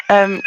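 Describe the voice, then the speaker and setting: A speaker with a Scottish accent chatting on a video call, animated and giggly and quick to laugh at themself. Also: high-pitched, no echo, low-quality recording. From Scotland. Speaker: co-host. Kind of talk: casual chat on a video call.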